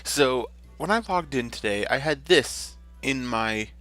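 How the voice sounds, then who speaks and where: A man's voice: mid-range voice, animated, measured pace, pushed and bright, soft background music. A man narrating his gameplay in a casual, rambling, jokey way, often correcting himself mid-sentence. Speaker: gamer, channel host. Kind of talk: casual let's-play commentary.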